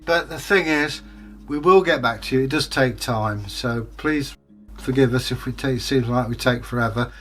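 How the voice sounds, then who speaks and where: A man's voice: medium pitch, moderate pace, fairly bright tone, soft background music. A man, co-hosting a casual chat and telling easygoing, rambling stories. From England. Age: 60s. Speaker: co-host reading viewer comments.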